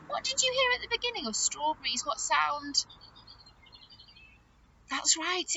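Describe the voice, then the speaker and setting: A woman's voice: high-pitched, sing-song, moderate pace, background noise. A middle-aged woman teaching a phonics lesson to young children, coaxing them with sing-song questions and repeated rhymes.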